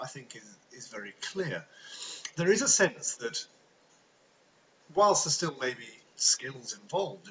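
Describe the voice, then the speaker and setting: A man's voice: medium pitch, sharp tone, muffled recording, a little hiss or hum. A man, a teacher giving a recorded slide lecture with wry, self-deprecating asides. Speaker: English teacher.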